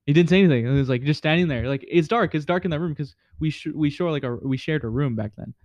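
A young man who talks fast and a bit high, rambling through stories with constant fillers. The sound is dry and slightly dull, like a close, lo-fi podcast mic. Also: darkish tone, dry recording. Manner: rambling storyteller, fillers like "you know what I mean". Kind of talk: casual chat.

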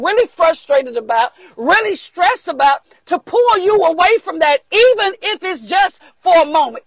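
An older woman delivers a preaching motivational talk in a very high, gravelly voice. She is emphatic, repeats her points and often breaks into shouts. The sound is dry and close. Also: no room sound, poor audio. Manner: emphatic, repetitive, bursts into shouting.

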